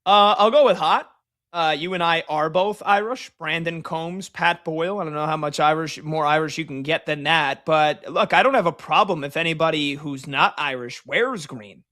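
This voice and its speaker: A man's voice: fairly high pitch, moderate pace, sharp tone. A man co-hosting a sports radio show, rambling loosely and joking in casual banter.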